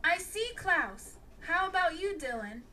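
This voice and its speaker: A woman's voice: extremely high pitch, big pitch swings, unhurried, sharp tone, distant mic, slight background noise, voice pushed up, heavily acted. A woman voicing an impatient young man fixing a spaceship. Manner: frustrated, pushy.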